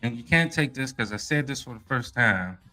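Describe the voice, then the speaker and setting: A man's voice: medium pitch, animated, normal speed, bright, forceful tone. A man hosting a casual podcast, talking animatedly and with plenty of profanity, often saying "you know what I mean.". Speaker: podcast host. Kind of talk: casual sports podcast talk and rant. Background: faint music.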